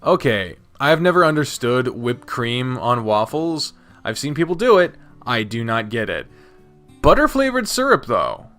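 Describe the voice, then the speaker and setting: Over soft background music, a man reads a visual novel aloud in a mid-range voice with big pitch swings at normal speed. The game streamer keeps the narration soft, then cuts in with loud, casual commentary laced with swearing.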